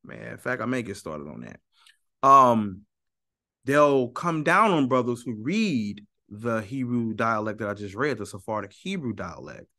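A YouTube teacher lectures his viewers in an animated monologue, his pitch swinging from high and pushed to low and muttered. His tone is bright and forceful, and he speaks a little slowly, arguing emphatically and repeating lines to hammer his point home.

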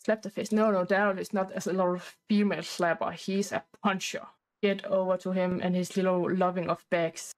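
A woman's voice: on the low side, flat delivery, a little fast, low-quality recording. Chatty woman narrating a game. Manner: rambling, talkative, loose informal grammar. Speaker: gameplay narrator. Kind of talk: casual life-sim playthrough commentary.

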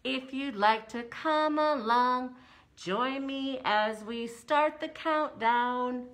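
A middle-aged woman leading a preschool story time as a librarian, talking in an animated sing-song way for small children. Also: high voice, slow.

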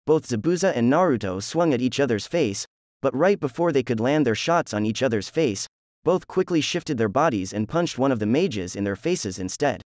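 A man narrates a fan story in a plain, even reading. His voice sits at an ordinary middle pitch, and the sound is dry and close to the mic. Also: moderate pace, no echo.

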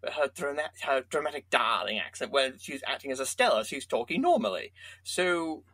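A man's voice: mid-range voice, sing-song, moderate pace, bright, forceful tone, no room sound. A man co-hosting a film podcast, thinking aloud in a hesitant way. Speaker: podcast co-host. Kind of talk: casual film review chat.

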